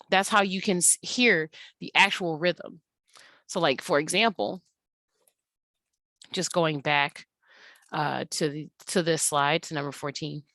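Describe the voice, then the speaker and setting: Young adult woman, teacher narrating a slide lesson; low pitch, dry close-up sound, relaxed and filler-heavy. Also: dry recording. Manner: unhurried, many ums and uhs. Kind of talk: recorded slide lesson walkthrough.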